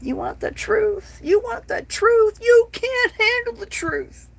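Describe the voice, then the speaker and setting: A woman in her late fifties doing an impression of a defiant middle-aged man, shouting. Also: extremely high pitch, expressive, slow, vocal fry, pitched above the performer's own voice, exaggerated voice. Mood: shouting defiance. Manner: shouting, exaggerated delivery.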